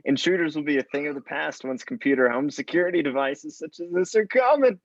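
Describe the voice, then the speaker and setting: A reader voicing a small toy security robot that delivers a stiff, announcer-like sales pitch. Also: male voice, animated, a little fast, no room sound, highs cut off. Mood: smug.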